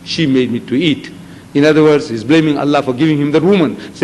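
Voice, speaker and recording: An older man with a South African Indian accent giving a religious lecture, telling stories with animated acted-out voices. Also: on the high side, fast talker. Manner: animated storytelling, acting out voices with rising shouts. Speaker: Islamic lecturer. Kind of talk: public lecture to an audience. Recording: echoey hall with faint background noise.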